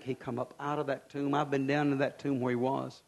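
A man preaching a fervent sermon. He swings from hushed, folksy asides to shouted climaxes and asks the congregation rhetorical questions. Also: medium pitch, flat delivery, normal speed, hardly any pauses, lo-fi sound, a faint crowd.

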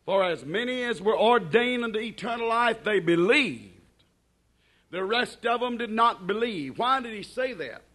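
A man preaching a sermon, fervent and drawn out, swinging between loud declarations and hushed asides. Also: high voice, expressive, normal speed.

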